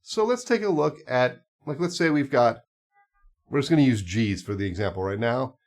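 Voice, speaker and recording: Male music teacher, mid pitch, easygoing explainer with fillers. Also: moderate pace. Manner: relaxed, explains with asides and fillers. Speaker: clarinet teacher. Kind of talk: casual instructional talk.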